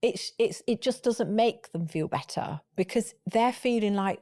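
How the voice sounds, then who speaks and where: A woman, a parenting coach explaining things calmly and with empathy on a podcast. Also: mid-range voice, unhurried, no room sound. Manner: calm, empathetic, explanatory with restarts. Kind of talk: advice conversation on a podcast.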